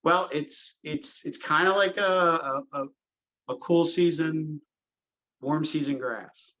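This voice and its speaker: A man's voice: fairly high pitch, slow, pushed and bright, highs cut off. Rambling middle-aged man telling stories. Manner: rambling storyteller, many fillers and restarts. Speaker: golf course superintendent. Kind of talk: casual podcast interview.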